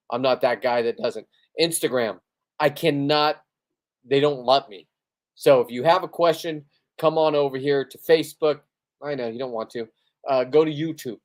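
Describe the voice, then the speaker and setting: Man, casual livestream host, a bit buzzed, profane and boastful, rambling off the cuff. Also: mid-range voice. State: tipsy after beers and an edible. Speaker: livestreaming spearfisherman.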